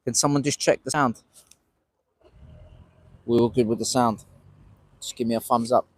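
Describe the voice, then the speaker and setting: Speaking at normal speed with a medium-pitched, slightly rough voice, a man broadcasts live from a street protest and keeps up a rambling, chatty stream for his viewers. His tone stays steady as he responds to the chat. He's a citizen journalist using a small wearable mic.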